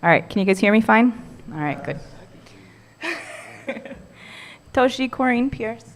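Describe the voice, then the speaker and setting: A middle-aged basket weaver gives a heartfelt, earnest talk to a community workshop audience, punctuated by soft laughs. Her voice is fairly high with lively intonation, and she speaks slowly.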